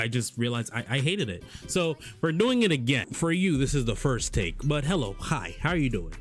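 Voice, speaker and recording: Brief: male vlogger, expressive, lively delivery, casual slangy talk to camera. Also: medium pitch. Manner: animated, joking, talks to camera in slang. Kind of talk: casual vlog monologue.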